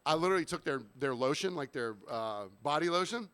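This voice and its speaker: A man's voice: on the high side, expressive, a little fast, fairly bright tone, clean tone, no room sound. Laid-back man telling a story. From Savannah, Georgia. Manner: laid-back storyteller with frequent fillers and restarts. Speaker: podcast co-host. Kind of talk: casual chat, storytelling.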